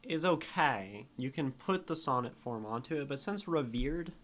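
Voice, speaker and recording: A man's voice: mid-range voice, expressive, normal speed, a bit bright, slight background noise. A man streaming live, reading a poem aloud and then picking apart its meter and syllables. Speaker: streamer critiquing poetry.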